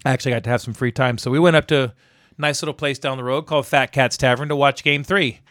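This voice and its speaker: A man's voice: medium pitch, fairly even intonation, quick pace, fairly bright tone, no echo, studio quality. A man co-hosting a casual sports podcast, telling stories with plenty of swearing and acted-out quotes. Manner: profane storytelling, acts out quotes. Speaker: podcast co-host.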